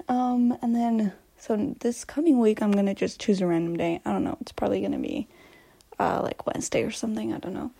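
A woman's voice: medium pitch, creaky, dark tone. A young woman hosting a casual solo podcast, chatting in a rambling way and sometimes dropping to a whisper, recorded on a phone voice memo. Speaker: podcast host.

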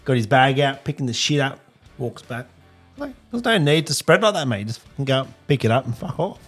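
A man with a husky, breathy voice trades blunt, crude banter as a podcast co-host. His pitch sits in a middle range, and faint music plays softly behind him. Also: big pitch swings, brisk. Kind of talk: casual chat.

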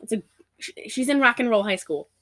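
A woman with a slightly high voice recaps a movie in casual conversation. Her pitch swings up and down as she tells it, and she keeps slipping into laughter and playful character voices. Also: a little fast. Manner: animated, giggly, imitates characters. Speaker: podcast co-host. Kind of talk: casual movie review chat.

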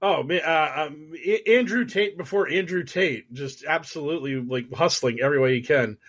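A man co-hosting a podcast, chatting casually with sarcastic asides and lots of quick agreement. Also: a little high, a bit bright, husky. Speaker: podcast co-host. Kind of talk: casual chat.

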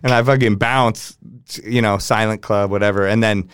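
A man's voice: lowish voice, fairly even intonation, normal speed, a bit bright, smooth, dry recording, studio quality. A man, a DJ guest on a podcast, telling stories in casual chat, laid-back, swearing freely and acting out what people said.

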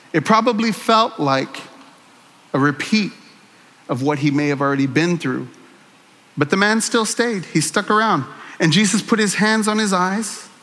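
Guy preaching, high bright voice, candid and joking at himself, big hall echo. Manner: earnest, candid, self-deprecating humor. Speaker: pastor. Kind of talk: conversational sermon.

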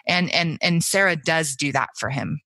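A woman's voice: sits low, normal speed, bright, forceful tone, no room sound. A woman co-hosting a book-club podcast, talking in a reflective way and searching for her words. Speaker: podcast co-host. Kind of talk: thoughtful book-club discussion.

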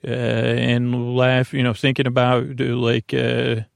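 A middle-aged man hosting a sleep podcast, talking in a meandering, self-interrupting, soft and lulling way with a creaky voice. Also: mid-range voice, completely flat delivery, takes it slowly, dry recording, studio quality. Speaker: podcast host. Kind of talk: rambling sleep podcast monologue.

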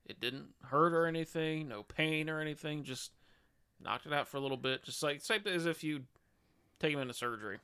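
A man's voice: on the high side, brisk, pushed and bright, clean tone. A man hosting a casual podcast, walking through a film's plot with dry asides. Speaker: podcast host recapping the film. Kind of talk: casual film recap chat.

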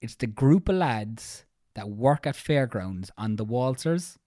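A woman co-hosting a podcast, talking quickly and jokingly in casual chat. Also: very deep voice, animated, mellow, a little hiss or hum. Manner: fast-talking, jokey, breaks into mock announcer voices. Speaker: podcast co-host.

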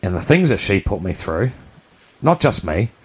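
A man's voice: lowish voice, big pitch swings, moderate pace, breathy edge. A man from New Zealand, co-hosting a podcast, telling a personal story in a candid, blunt, rambling way. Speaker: podcast co-host.

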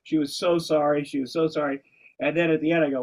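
A man's voice: on the high side, animated, moderate pace. A man talking in a casual, rambling way, wandering off on tangents and restarting his sentences. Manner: rambling, digressive, many restarts. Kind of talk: casual conversation. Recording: dull, lo-fi sound.

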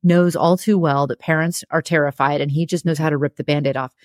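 A woman's voice: sits low, fairly even intonation, a little fast, darkish tone, dry recording, studio quality. A woman speaking as an interview guest, telling a personal story in a frank, emotional way and laughing through hard memories. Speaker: interview guest, television producer. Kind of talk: candid conversational storytelling.

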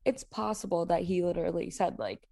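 A woman's voice: fairly low pitch, very animated, brisk, gravelly, a loud crowd. A woman co-hosting a casual podcast recap, laid-back and hedging as she floats ideas. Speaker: podcast co-host.

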